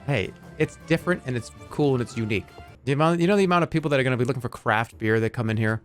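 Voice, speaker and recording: A man streaming a game, chatting casually with his chat in an animated, joking way. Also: mid-range voice, racing, soft background music.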